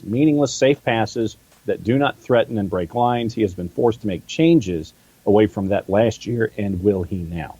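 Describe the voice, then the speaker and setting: A man with a low, mellow, husky voice reads listener messages on a podcast and corrects himself as he goes. His mic sounds dull and lo-fi, and the sound is dry. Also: moderate pace, no room sound. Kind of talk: casual podcast chat.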